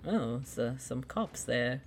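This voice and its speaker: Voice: mid-range voice, expressive, slow pace, vocal fry, a little hiss or hum. A co-host in a casual movie commentary chat, teasing the other host and laughing often. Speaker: podcast co-host.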